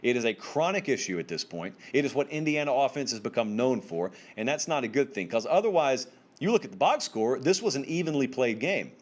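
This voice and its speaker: Man, sports show host, solo commentary, medium pitch, emphatic, casual, talks straight to viewers. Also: sing-song, fairly quick. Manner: emphatic, conversational, pitch swings up for stress; informal slang and direct address to viewers. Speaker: host of a college football show.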